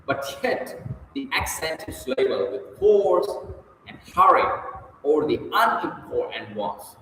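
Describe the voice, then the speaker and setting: A man reads a lesson on public speaking, stretching and punching the key words. His pitch sits a bit high and swings widely. The recording is very echoey with a long reverb tail and a faint hiss underneath. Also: measured pace. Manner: lively emphatic reading with stretched stressed words. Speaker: reader of a public speaking book. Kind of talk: reading aloud a book lesson.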